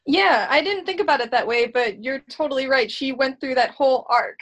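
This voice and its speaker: A woman with a high voice recaps a show episode in relaxed conversation. She talks in an animated way and slips into quick impressions of the characters as she retells scenes. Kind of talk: casual chat recapping an episode.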